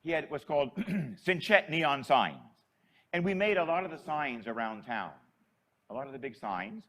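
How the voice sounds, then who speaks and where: An older man and priest telling a chatty, animated story in a sermon. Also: medium pitch, normal speed.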